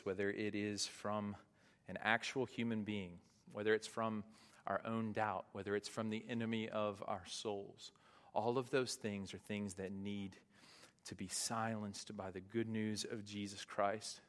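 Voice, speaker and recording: A man preaching a sermon in a relaxed, conversational way, rising to emphatic peaks. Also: lowish voice, unhurried. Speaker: pastor. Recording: long hall reverb.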